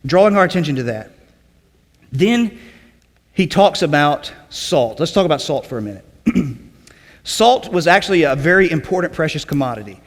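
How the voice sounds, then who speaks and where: A man preaching a sermon in a conversational teaching way, often checking in with "okay?" and clearing his throat. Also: a little high, lively intonation, normal speed, pauses often, in a large hall. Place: church sanctuary.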